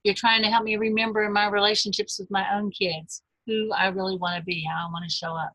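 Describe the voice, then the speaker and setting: A woman in her fifties, a life coach giving a webinar, earnest and gentle, speaking straight to her listeners. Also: medium pitch, flat delivery, fast talker, no echo, rough recording.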